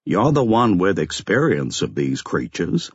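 A man voicing a calm, formal grown man. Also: low-pitched, measured pace, husky, no echo, muffled recording, exaggerated voice. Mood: exasperated. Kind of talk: audiobook character voice.

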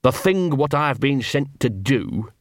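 A man's voice: mid-range voice, very animated, unhurried, dry recording, studio quality. A man voicing a scruffy, nervous small male dog who rambles in ungrammatical street talk, repeating himself.

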